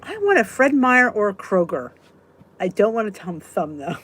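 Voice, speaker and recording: A woman's voice: mid-range voice, big pitch swings, normal speed, fairly bright tone, slightly rough. A woman hosting a casual live weight-loss chat, answering viewer comments in a chatty, giggly way. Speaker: weight-loss vlog host.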